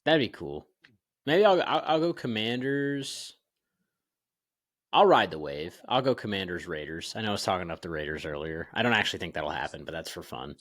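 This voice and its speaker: A man's voice: low-pitched, animated, brisk, fairly bright tone, dry recording, studio quality. A young man co-hosting a casual sports podcast over a video call, rambling with fillers and restarts. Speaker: podcast co-host.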